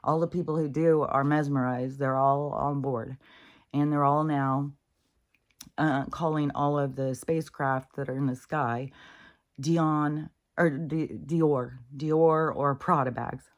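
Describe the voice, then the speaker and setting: A woman vlogging in a casual rant, exasperated and swearing, stumbling over restarts and mocking others in a higher voice. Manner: halting restarts and repeated fillers. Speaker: spiritual vlogger.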